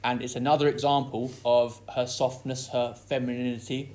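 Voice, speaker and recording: A man's voice: medium pitch, little pitch movement, moderate pace, darkish tone, a little hiss or hum. A man teaching a lesson that analyses a play, reading quoted lines aloud with dramatic stress before explaining them. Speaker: English literature teacher.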